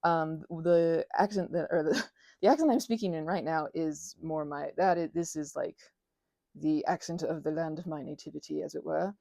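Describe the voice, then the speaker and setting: A woman rambling casually as she presses flowers, often interrupting herself, giggling and dropping into soft whispers. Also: low-pitched, moderate pace, creaky, no echo, studio quality. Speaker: channel host.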